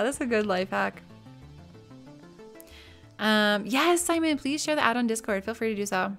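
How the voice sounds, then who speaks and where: A woman streaming live, chatting casually and laughing often while she plays a life-sim game. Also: medium pitch.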